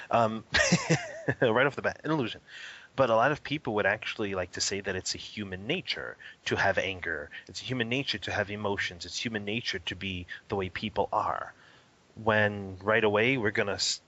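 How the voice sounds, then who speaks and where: A man with a lowish, bright, forceful voice answers interview questions. He talks in an animated way and laughs often. The audio is a little dull and lo-fi. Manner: animated, laughs often, acts out a toddler's cries. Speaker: interview guest, spiritual teacher. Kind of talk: casual interview.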